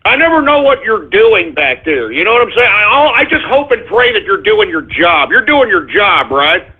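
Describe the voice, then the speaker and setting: A man with a high-pitched voice hosts a comic talk radio show over a thin, phone-like line. He rambles to his listeners and keeps snapping, exasperated, at people and pets off the air. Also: very animated, normal speed, husky. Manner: exasperated, scolding asides to an unseen crew and a dog. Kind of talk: comedic talk radio monologue. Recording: phone-like narrow-band audio.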